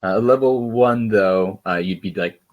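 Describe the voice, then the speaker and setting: A young man running a tabletop game as game master, giving relaxed, matter-of-fact rulings. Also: fairly low pitch, a little slow, narrow, tinny audio.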